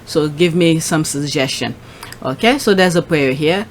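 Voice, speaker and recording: A woman's voice: low-pitched, normal speed, a little hiss or hum. A woman hosting her channel, giving casual commentary on clips and posts. She reacts aloud as she scrolls. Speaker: channel host.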